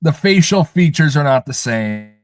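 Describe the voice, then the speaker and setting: A man's voice: on the high side, animated, normal speed, no room sound. A man hosting a casual live stream, talking emphatically and scoffing as he repeats his points. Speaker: livestream host.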